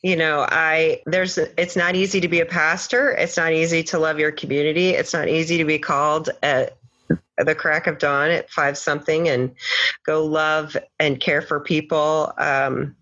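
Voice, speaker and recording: A woman's voice: sits low, little pitch movement, moderate pace, fairly bright tone. A woman in her forties from the American Midwest, a charity guest speaking earnestly and laughing easily in a casual podcast chat. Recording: dull lo-fi audio.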